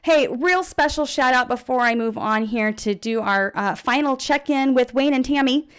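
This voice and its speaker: High, smooth-voiced woman hosting a livestream. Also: moderate pace. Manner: chatty and upbeat, with laughs and fillers. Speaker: livestream host.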